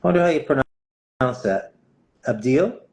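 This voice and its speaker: A man's voice: medium pitch, expressive, unhurried, creaky, a little mellow. A middle-aged man chatting casually and jokingly while signing autographs on a live stream. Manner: playful, jokey, chatty while writing.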